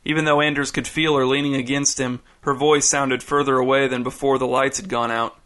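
A man reads a story aloud in a steady, measured audiobook delivery. His voice is bright and crisp, with a mid-range pitch. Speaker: narrator. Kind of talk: audiobook narration.

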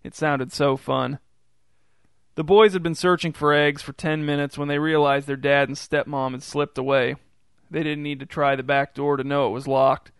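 A man reading a story aloud in an even, measured way. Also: a little high, clean tone, no room sound. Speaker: narrator.

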